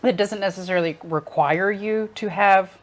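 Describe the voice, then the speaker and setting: A woman's voice: medium pitch, normal speed. Chatty woman vlogger at her kitchen table. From United States. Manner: chatty, laughing often, talking with mouth full. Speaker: vlog co-host cooking for a friend. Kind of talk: casual chat over a meal. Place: home kitchen.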